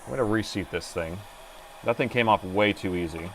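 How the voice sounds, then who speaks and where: Against a noisy background, a middle-aged man talks a bit fast in a lowish voice during a live repair stream. Seated at his indoor workbench, he chats casually, thinks aloud, and mutters to himself as he works.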